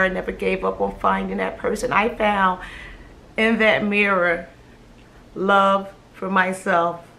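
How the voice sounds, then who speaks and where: A woman, a mother, telling a personal story to camera in a halting, emotional way, often repeating her words and laughing between phrases. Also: medium pitch, pushed and bright. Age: adult with children. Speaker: vlogger sharing a personal story.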